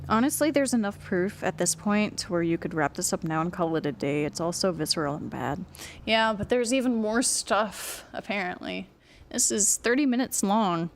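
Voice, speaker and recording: A woman's voice: medium pitch, expressive, normal speed, a little hiss or hum. Blunt, sarcastic woman commentator. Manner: blunt and sarcastic, swears freely. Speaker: online commentator. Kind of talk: commentary reacting to a written apology.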